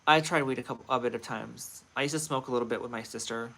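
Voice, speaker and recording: A man casually hosting a livestream, talking straight to his viewers in a playful, rambling way. His voice is bright and forward. He sits in a middle range of pitch. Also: fast, vocal fry. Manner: chatty, playful, talks to chat directly. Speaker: livestream host.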